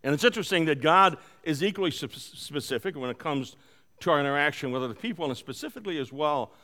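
A man preaching a conversational sermon, telling a personal story and moving between soft, quiet stretches and loud, animated bursts. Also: a little high, fast. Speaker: pastor. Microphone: live-streamed service.

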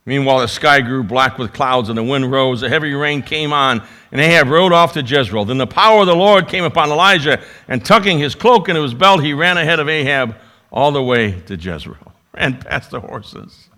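A man preaching a sermon, swinging between loud emphasis and quiet asides. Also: medium pitch, a little fast. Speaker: pastor.

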